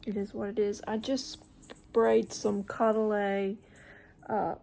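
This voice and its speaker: A woman's voice: medium pitch, flat delivery, slow pace, creaky, mellow, low-quality recording. A woman chatting casually to camera at home, rambling, trailing off and slipping into whispered asides. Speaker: vlogger. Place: at home in front of a mirror.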